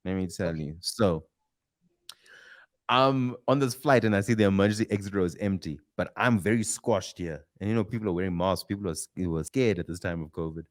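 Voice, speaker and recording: A man's voice: deep voice, brisk. Emphatic man hosting a comedy podcast. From South Africa. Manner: emphatic, teasing, repeats phrases for punch. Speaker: podcast host. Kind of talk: live comedy podcast chat.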